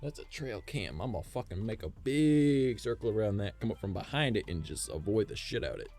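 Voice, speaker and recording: A huge furry Bigfoot, gruff and crude, brushing off the world with a low, gravelly grumble, as a streamer puts him on. He swings his pitch around freely and scoffs at everything. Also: expressive, brisk, a little mellow, faint music behind. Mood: fed up. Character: big furry male Bigfoot, fed up and wary.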